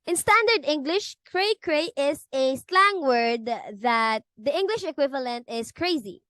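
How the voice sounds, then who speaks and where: High, lively woman reading a lecture. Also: a little slow, no room sound. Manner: reads from a script, with occasional stumbles and restarts. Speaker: student presenter.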